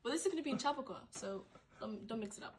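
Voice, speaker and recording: A woman's voice: on the high side, animated, very fast. Giggly young woman host over crowd noise. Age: young adult. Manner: playful, giggly, teasing. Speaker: podcast host, interviewer. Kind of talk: casual interview chat. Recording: background crowd chatter.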